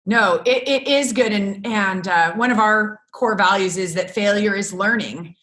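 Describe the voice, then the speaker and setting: A middle-aged woman, a business coach, chatting in an interview and telling lively stories with frequent laughter. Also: medium pitch, a little slow. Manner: animated storyteller, laughs often. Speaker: guest, business coach for photographers. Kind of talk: casual interview chat.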